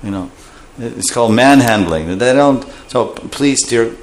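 Slight background noise underlies this unhurried, mid-range male voice. A scripture teacher, he explains terms with animation and performs different voices along the way.

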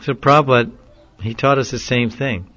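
A man preaching a devotional lecture in a slow, earnest way, sometimes pleading. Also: mid-range voice, steady tone, fairly bright tone. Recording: dull lo-fi recording.

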